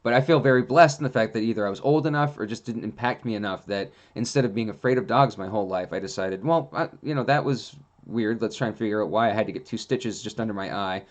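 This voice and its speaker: A man hosting a casual monologue, telling rambling, animated stories with plenty of fillers. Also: fairly low pitch, fast, hardly any pauses. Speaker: host.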